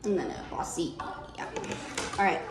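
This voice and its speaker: A woman teacher leading a small-group reading lesson, patient and encouraging, slowing down to explain letter sounds. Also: fairly low pitch, expressive, reverberant, background noise. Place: classroom.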